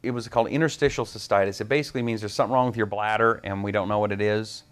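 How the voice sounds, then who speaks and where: A man's voice: lowish voice, smooth. A man, a radio talk host, telling stories from his career in a casual interview. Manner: rapid, animated anecdotes with quoted voices.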